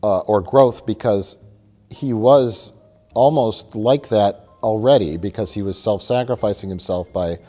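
A man's voice: fairly low pitch, a little slow, faint music behind. A middle-aged man in casual film discussion, telling a joke scene with lots of energy and acting bits out. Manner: animated storyteller who acts out scenes. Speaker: co-host reviewing films.

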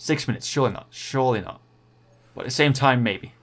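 A man's voice: medium pitch, brisk. A young man giving live commentary over his own gameplay, pleading, groaning and cheering at the race on screen. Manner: excitable, pleading and groaning at the game. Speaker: gaming channel host.

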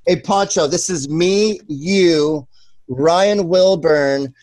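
A man chatting casually on a podcast, telling loose, profane stories and putting on loud voices now and then. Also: a little high, very slow, dry recording. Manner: loose, profane storytelling with loud put-on bits. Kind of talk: casual chat.

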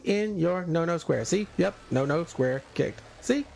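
Man, gravelly, livestream host; teasing and indignant rant. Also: fairly high pitch, lively intonation, normal speed, a little mellow, soft background music. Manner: ranting, teasing, exaggerated indignation.

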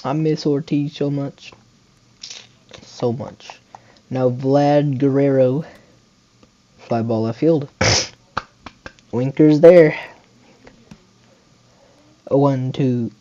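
A young man talks through his baseball video game at an unhurried pace, muttering the plays to himself. His voice is warm and mellow, and the recording sounds dull and lo-fi, like a basic home mic. He jumps into loud excited whoops when something big happens. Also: mid-range voice. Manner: muttering play-by-play with sudden excited shouts. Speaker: gaming channel host. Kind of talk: casual gameplay commentary.

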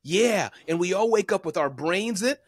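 Male motivational speaker guest, high voice, emphatic, coaching style, dry sound. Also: animated, normal speed, breathy edge, no room sound. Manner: emphatic, coaching, lists points. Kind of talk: interview conversation.

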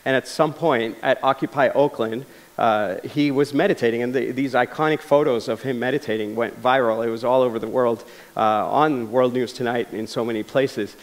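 A man's voice: medium pitch, fairly even intonation, moderate pace. A man giving a public lecture, telling stories earnestly, with frequent restarts and fillers. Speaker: lecture speaker. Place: lecture hall.

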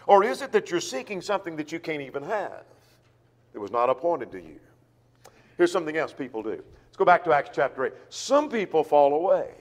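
A man's voice: on the high side, big-room sound. A man preaching a sermon who reads scripture aloud and poses rhetorical questions to the congregation. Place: church auditorium.

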